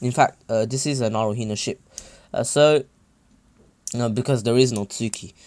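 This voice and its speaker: A man's voice: medium pitch, normal speed, darkish tone. A man casually recapping a fan-made story, rambling with many fillers and self-corrections.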